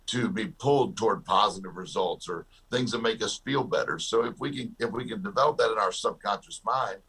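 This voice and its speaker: A man's voice: lowish voice, brisk, fairly bright tone, slightly rough. A man, a guest author and success coach, talking in an interview and telling jokey stories with a laugh. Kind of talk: storytelling interview talk.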